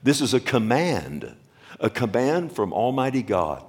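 A man's voice: mid-range voice, sing-song, a little slow, darkish tone, husky. A man preaching a sermon as pastor, emphatic and repetitive, calling out for the congregation's response.

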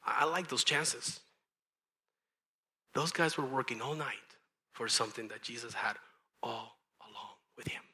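Bright-voiced male pastor preaching casually. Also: medium pitch, unhurried, pauses often. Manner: conversational, playful, acts out quotes. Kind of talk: sermon.

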